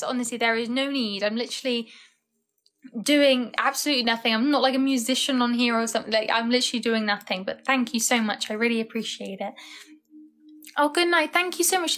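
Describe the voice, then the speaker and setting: A tired young woman talks to her live stream viewers in a loose, rambling way, with "like" in nearly every phrase. Her voice sits a little high for a woman and swings up sharply when she thanks people. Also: fairly bright tone. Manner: rambling, chatty, frequent "like" fillers. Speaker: livestreamer. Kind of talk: casual live-stream chat.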